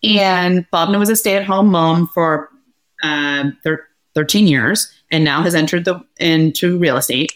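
A woman podcast host talks casually in a lowish voice, telling stories with energy and acting out the other voices in them. She keeps the tone relaxed and chatty. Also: a little slow. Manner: lively storyteller, acts out quoted dialogue. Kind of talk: casual conversation.

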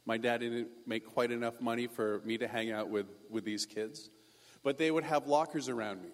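A pastor telling a personal story in a sermon, animated and self-deprecating. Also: male voice, medium pitch, moderate pace, big-room sound.

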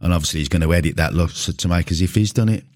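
A man's voice: low voice, racing, a little mellow. A middle-aged man, a gym coach, ranting casually to camera in a blunt, indignant, sweary way. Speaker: gym coach and podcast host. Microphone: camera mic at close range.

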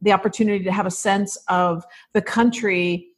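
A woman with a slightly husky, breathy voice, interviewing a guest in casual conversation. Her questions run long and wind about as she searches for the right words. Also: mid-range voice, steady tone, normal speed.

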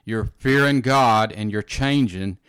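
A man's voice: on the low side, slow pace, a bit bright, clean tone, no echo, clean studio sound. A man giving informal, earnest Bible teaching in conversation, repeating phrases and often saying "you know" and "amen".

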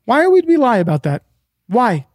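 A man's voice: extremely high pitch, huge pitch swings, normal speed, dry recording, clean studio sound. A man in a profane, sarcastic monologue, full of repeated rhetorical questions. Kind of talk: ranting monologue.

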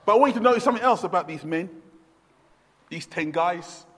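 A man preaching a sermon as pastor, swinging from hushed lines to shouted emphasis. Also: sits high, lively intonation, a little fast, husky. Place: church. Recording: long echoey reverb of a hall.

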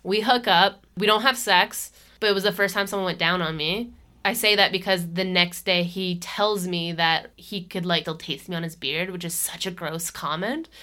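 A woman's voice: on the low side, steady tone, normal speed, sharp tone. A young woman telling a candid personal story in casual chat, swearing freely and acting out what people said.

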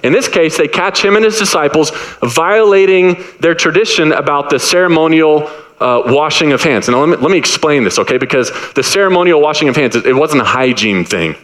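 Man, 30s, pastor, casual sermon, animated storyteller, slightly high pitch. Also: a little fast, rough recording. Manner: animated storytelling, acts out voices of his kids; casual, repeats words and restarts. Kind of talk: sermon with personal anecdotes.

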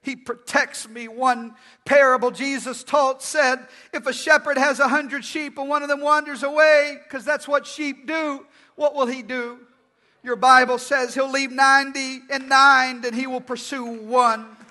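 A man preaching a sermon as pastor, swinging from loud calls to hushed, dramatic lines. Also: extremely high pitch, fairly even intonation, measured pace. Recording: long hall reverb with faint music.

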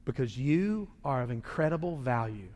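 A man preaching a sermon indoors, moving between hushed, intimate lines and loud, emphatic ones. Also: medium pitch, lively intonation, normal speed. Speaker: pastor. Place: indoor worship hall. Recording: reverberant hall.

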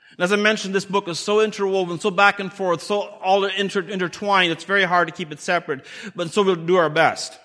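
Preaching in a church, a male pastor speaks with a high voice that's bright, forceful and brisk, his intonation fairly even. His sermon is conversational, full of rhetorical questions and acted-out dialogue. The hall adds long reverb.

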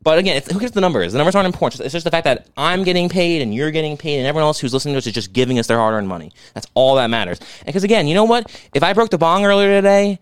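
A young man co-hosting a profane comedy podcast, launching into animated mock-angry rants. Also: on the high side, very fast, few pauses, smooth, no room sound. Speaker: podcast co-host.

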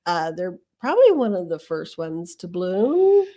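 A woman's voice: on the low side, sing-song, unhurried, mellow. A woman co-hosting a garden radio show in a studio, explaining plants in a friendly, chatty way. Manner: friendly, laughs often, explanatory. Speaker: garden center co-host. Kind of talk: casual radio chat.

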